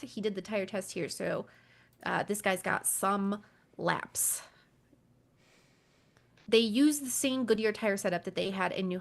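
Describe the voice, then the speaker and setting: A woman's voice: mid-range voice, gravelly. Woman co-host, casual talk, matter-of-fact, reads stats and notes in a mid-range voice. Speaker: podcast co-host and journalist. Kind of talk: casual chat.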